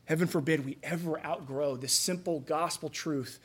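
A man's voice: on the high side, normal speed, breathy edge. A man preaching a sermon in a conversational way, acting out the voices he quotes. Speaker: pastor.

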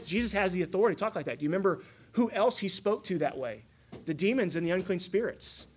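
Husky-voiced man preaching emphatically. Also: fairly high pitch. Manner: emphatic, conversational preaching with rhetorical questions. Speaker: pastor. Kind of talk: sermon.

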